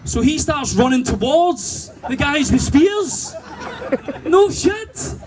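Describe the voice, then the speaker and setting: A man with a Glaswegian accent doing sweary, animated stand-up storytelling and laughing through his punchlines. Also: very high-pitched, slow pace, crowd noise, noisy background. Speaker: stand-up comedian.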